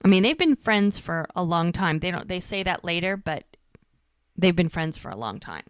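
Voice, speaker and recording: A woman's voice: fairly low pitch, sing-song, moderate pace, smooth, no echo, studio quality. A woman co-hosting a podcast, casually recapping an episode and acting out the characters' lines as she goes. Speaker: podcast co-host.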